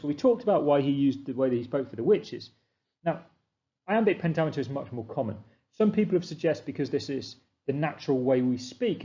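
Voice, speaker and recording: A man teaching a literature revision lesson, explaining with emphasis and reading quotes slowly, on a slightly dull recording. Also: medium pitch, warm tone.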